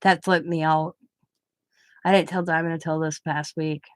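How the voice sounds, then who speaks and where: A woman's voice: low-pitched, flat delivery, moderate pace, dry recording, poor audio. A middle-aged woman hosting a crafting live stream, chatting in a rambling, emotional way and trailing off mid-sentence. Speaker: craft channel host. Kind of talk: casual live-stream chat.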